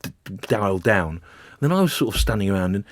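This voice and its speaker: A man's voice: lowish voice, big pitch swings, fast, no echo, clean studio sound. A man, a comedian, telling a rambling anecdote in casual chat and acting out what he said. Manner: rambling storyteller, acts out what he said. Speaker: comedian guest.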